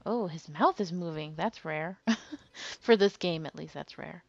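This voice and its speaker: A woman's voice: low-pitched, measured pace, creaky, dull audio, soft background music. A young woman hosting a let's play, reading game text and reacting with strong, outspoken emotion. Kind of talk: casual game commentary and reading.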